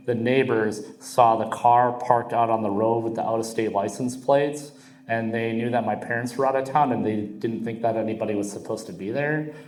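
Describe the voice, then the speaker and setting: Guy doing raunchy standup, animated, mid-pitch voice, roomy club sound. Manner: crude, animated storytelling with crowd asides. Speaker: stand-up comedian. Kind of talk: stand-up comedy storytelling. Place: comedy club stage. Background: audience laughter.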